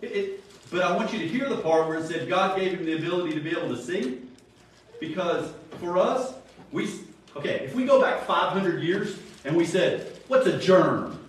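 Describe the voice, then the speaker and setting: A man preaches, telling stories in an animated way and acting out the people in them. His voice sits a little high. It is recorded from a distance in a very echoey room with faint background noise. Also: moderate pace. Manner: animated storytelling, acts out quotes. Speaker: Sunday school teacher. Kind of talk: sermon. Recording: very echoey room, far from mic.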